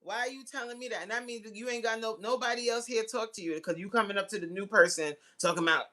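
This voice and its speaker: A woman in her forties hosting a casual livestream and chatting with viewers. She is slangy and laughs often, with sudden jumps into high exclamations. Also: steady tone, fast talker, bright, forceful tone. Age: 40s. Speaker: livestream host. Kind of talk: casual live chat reading viewer comments.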